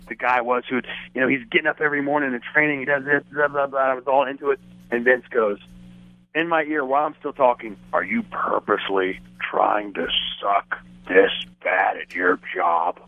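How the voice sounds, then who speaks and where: A man's voice: mid-range voice, fast, no echo, narrow, tinny audio. A man and former wrestling announcer, chatting casually as a podcast guest and acting out the quotes in his stories. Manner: animated storyteller, acts out quotes. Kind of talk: casual podcast chat, storytelling.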